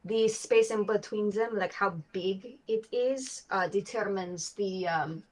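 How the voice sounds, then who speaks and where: A woman's voice: mid-range voice, slow, low-quality recording. A woman playing in a tabletop role-playing game, explaining things in a chatty way. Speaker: player. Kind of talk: tabletop role-play chat.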